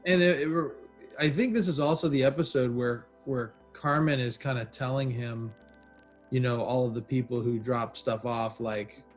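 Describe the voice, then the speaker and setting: A man with a mid-range voice joins a casual panel about a TV show and lays out his points carefully, pausing often with ums and uhs. Faint music sits low behind him. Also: steady tone. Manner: measured and thoughtful, many ums and uhs. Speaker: podcast panelist.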